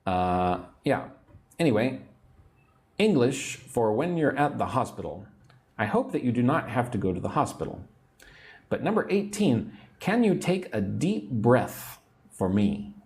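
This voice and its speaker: An American man giving a livestream English lesson, repeating phrases clearly and greeting viewers by name. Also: mid-range voice, big pitch swings, a little slow, a little mellow. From United States. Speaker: English teacher.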